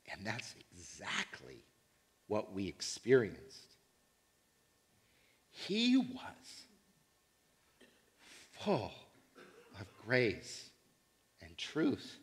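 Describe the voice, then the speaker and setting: A man preaching a sermon in church, animated and emphatic, repeating key phrases and acting out imagined listeners. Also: high-pitched. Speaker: pastor.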